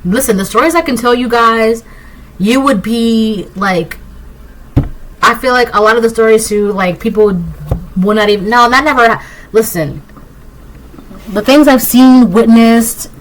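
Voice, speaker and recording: A woman giving a casual collective tarot reading, rambling and excitable, often tagging her points with "right?". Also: a little high, measured pace, long pauses, poor audio. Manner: keeps asking "right?". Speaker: tarot reader.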